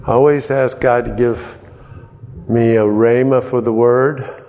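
A man preaching a sermon, teaching slowly and explaining word by word with frequent pauses and fillers. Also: medium pitch, fairly even intonation, mellow, big-room sound, muffled recording. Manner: slow, explanatory teaching with hesitations.

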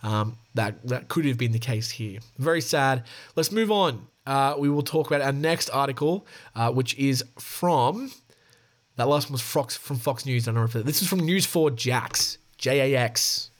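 A man in a middle-pitched voice reads news stories aloud for a podcast, tripping over words and correcting himself as he goes. He breaks off into loose, chatty remarks between passages. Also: expressive, normal speed. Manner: stumbles and restarts while reading, chatty asides. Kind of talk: reading news articles aloud with casual commentary.

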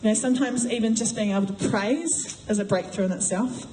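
A woman giving a sermon in a chatty, animated way, acting out voices as she retells a story. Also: on the high side, a little fast, a little hiss or hum. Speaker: preacher. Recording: echoey room.

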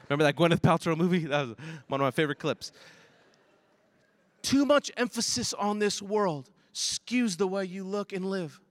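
Male pastor, 30s, high voice, bold sermon delivery, sudden quiet asides, dry close sound. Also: normal speed, no echo. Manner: animated preacher, swings between loud emphasis and low asides.

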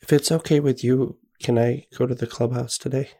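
A man's voice: medium pitch, level tone, fairly quick, dark tone. Laid back guy player, jokey, easygoing. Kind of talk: tabletop role-play.

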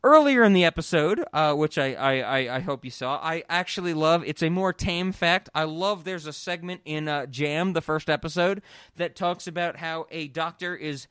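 A man hosting a podcast in casual chat, rambling and animated with lots of fillers and free swearing. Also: a little high, normal speed, clear, resonant tone, no echo, studio quality. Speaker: podcast host.

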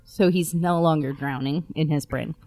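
A tabletop player talking through their character's actions in a playful way, often laughing. The voice sits at a middle pitch with a dry, close sound. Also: fairly even intonation, normal speed, a little mellow, dry recording, soft background music. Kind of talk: in-character role-play.

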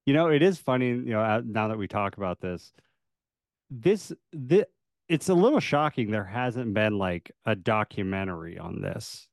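A man co-hosting a podcast in casual chat, laid-back and quick to laugh. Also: lowish voice, expressive, gravelly, no echo, clean studio sound. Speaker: podcast co-host.

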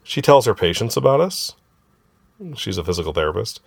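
A man's voice: fairly low pitch, expressive, fairly quick, creaky, no echo. A middle-aged man hosting a casual family podcast with his kids, laughing often and joking loosely. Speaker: podcast host and father.

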